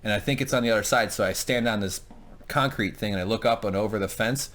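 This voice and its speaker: A man's voice: fairly low pitch, fast, fairly bright tone. A man co-hosting a TV review chat, cracking jokes, swearing freely and telling stories with animation. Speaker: co-host of a TV review show. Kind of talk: casual recap chat.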